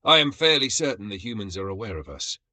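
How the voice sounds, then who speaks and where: A man's voice: on the low side, big pitch swings, fast talker, pushed and bright, dry recording, heavily acted. A man voicing a sensible male alien soldier who explains things in an exasperated, matter-of-fact way.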